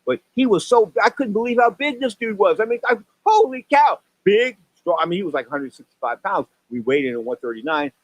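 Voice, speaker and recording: An older man in his sixties talks fast on a boxing radio show, rattling through one story after another. His voice sits a little high and leaps higher whenever he exclaims or acts out a quote. The sound is dry and close-miked, with no room around it. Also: no room sound, poor audio. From San Francisco Bay Area. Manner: animated storyteller, voice jumps up for exclamations and acted quotes. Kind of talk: rambling radio talk show monologue.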